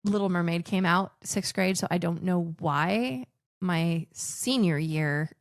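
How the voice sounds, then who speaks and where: A woman's voice: on the low side, slow pace, no echo, clean studio sound. Chatty woman guest telling stories. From grew up in the Philippines. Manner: chatty, restarts sentences often. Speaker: podcast guest. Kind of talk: casual conversational storytelling.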